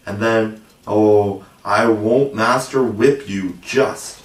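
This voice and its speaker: A man's voice: lowish voice, steady tone, slow. A man doing a stern, scolding maidservant. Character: stern, dense young maidservant. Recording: roomy, distant mic.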